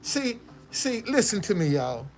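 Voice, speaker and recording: Telling his story to an audience, this man, a motivational speaker, gives a personal testimony full of slang, casual phrasing and stammered restarts. His high-pitched voice is very animated and a little slow.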